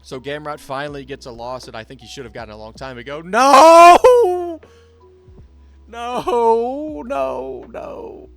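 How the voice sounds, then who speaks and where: A man's voice: medium pitch, steady tone, fast talker, hardly any pauses, a bit bright, soft background music. A young man giving a casual, blunt and profane breakdown of fight results, full of strong opinions. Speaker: MMA commentator.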